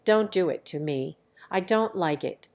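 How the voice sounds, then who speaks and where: A woman's voice: lowish voice, lively intonation, unhurried, darkish tone. A woman voicing a bold young male martial hero in a web novel audiobook, read evenly.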